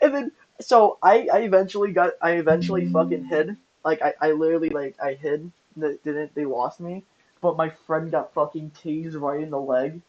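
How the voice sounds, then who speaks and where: A man with a notably high-pitched voice, rattling off a story for a casual podcast. He is excitable and profane. His recording sounds muffled and lo-fi. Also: normal speed. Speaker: podcast co-host. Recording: muffled lo-fi audio.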